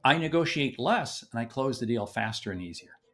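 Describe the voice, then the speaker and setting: An older man with a gravelly edge, talking as a guest on a sales podcast. His delivery is emphatic and animated, with a pitch that rises and falls a lot. He stammers on repeated words to press his points home. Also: fairly quick. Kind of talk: podcast interview.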